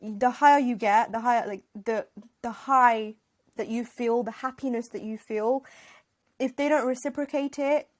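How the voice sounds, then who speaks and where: Animated high-voiced woman telling stories. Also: moderate pace. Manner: animated storyteller who acts out what friends said. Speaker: guest, author. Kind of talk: casual conversational interview.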